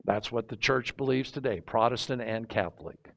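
A man's voice: medium pitch, moderate pace, creaky, a bit bright. A man teaching a sermon in a conversational way, reading scripture and asking his listeners rhetorical questions. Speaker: preacher.

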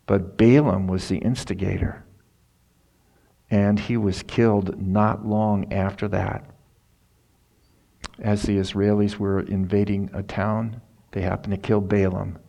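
A middle-aged man preaches in a folksy, storytelling way. His low, gravelly voice takes its time, and he drops into casual asides. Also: flat delivery, a little slow, pauses often, dark tone. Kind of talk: sermon.

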